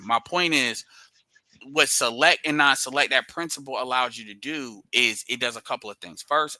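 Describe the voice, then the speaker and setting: Guy talking on a stream, real bright sharp voice, dry close sound, rambles and restarts a lot. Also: medium pitch, no room sound, low-quality recording. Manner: loose, rambling explanations with many restarts. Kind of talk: casual livestream chat.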